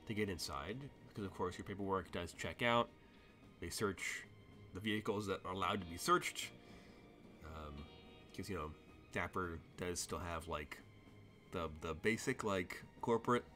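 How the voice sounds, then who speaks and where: A man's voice: deep voice, fairly bright tone. A man narrating as game master, rambling and laughing often, thinking aloud as he goes.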